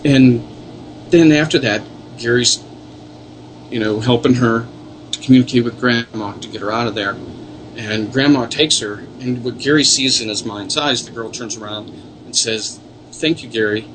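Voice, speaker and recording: A man's voice: medium pitch, normal speed, a bit bright, slight background noise, low-quality recording. A man, a paranormal investigator, telling earnest, rambling stories in a casual interview. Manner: earnest, rambling storyteller with many restarts.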